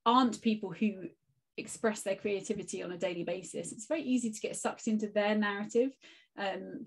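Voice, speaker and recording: A woman's voice: medium pitch, darkish tone. A woman, a guest teacher and author, speaking in a casual conversational interview and giving reflective, encouraging advice.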